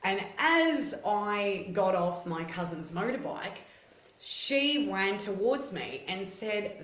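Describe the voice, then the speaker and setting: A middle-aged woman talks in a chatty, animated way as she hosts a casual live stream. Her voice sits at a medium pitch for a woman. The room around her gives the sound a clear echo. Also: takes it slowly. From Greece. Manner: chatty, animated storytelling with laughs and many fillers. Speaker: host.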